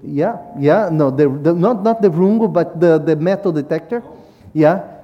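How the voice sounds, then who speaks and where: A man's voice: on the high side, normal speed, dull audio. A man from Brazil, giving a talk with slides at a church service and ending most sentences with "yeah?". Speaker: missionary speaker.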